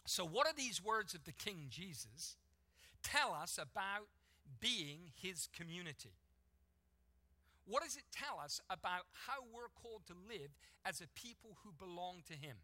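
A man preaching a sermon to his congregation, emphatic and building to forceful peaks. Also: sits high, big pitch swings, a little slow. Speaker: pastor.

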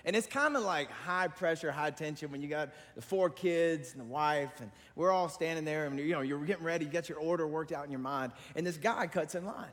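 A middle-aged man preaching a sermon as a pastor, telling a story in an animated, self-deprecating way. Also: on the high side, brisk, hardly any pauses. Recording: long reverb of a large hall.

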